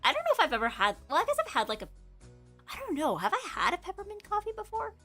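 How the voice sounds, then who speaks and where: A woman's voice: very high-pitched, wildly swooping pitch, fast, sharp tone, soft background music. A woman streamer in casual chat, rambling and correcting herself, with lots of filler words. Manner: rambling, chatty, many filler likes, self-correcting.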